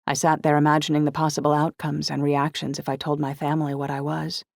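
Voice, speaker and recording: An audiobook narrator reading a first-person novel in a reflective, even storytelling manner. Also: mid-range voice, fast, gravelly, no echo, studio quality.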